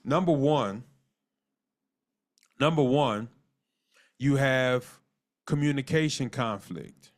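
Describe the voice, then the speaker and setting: Earnest man teaching a marriage class. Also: mid-range voice. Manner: earnest, repeats words, dictates lists slowly and spells terms out. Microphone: call audio.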